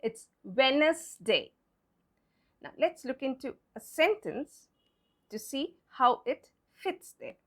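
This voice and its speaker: High-voiced woman teacher, not a native english speaker, goes real slow and patient, spells stuff out letter by letter. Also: expressive. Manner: patient, deliberate explaining, spells words letter by letter. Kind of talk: pronunciation lesson.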